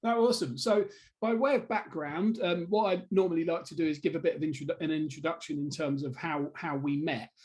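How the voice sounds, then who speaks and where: A man's voice: fairly high pitch, fairly quick, darkish tone. A man hosting a business interview show, easygoing and jokey, often restarting his sentences. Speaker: podcast host. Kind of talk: casual interview chat.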